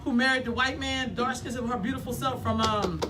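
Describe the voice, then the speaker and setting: A woman's voice: on the high side, normal speed, music in the background. A woman hosting a casual chat show with co-hosts. She talks bluntly, curses freely and laughs often. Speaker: show host.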